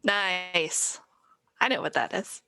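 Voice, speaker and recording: A woman playing a tabletop game, calmly describing her character's actions. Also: lowish voice, slow pace, vocal fry, clean tone, dry recording. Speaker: player. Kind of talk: casual tabletop play.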